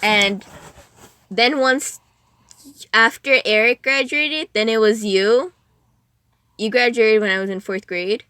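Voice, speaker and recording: A young woman with a bright, fairly high voice rambles through casual chat as a podcast guest. She giggles, restarts and interrupts herself as she goes. The recording is dry and close. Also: slow, pauses often, clear, resonant tone, no room sound.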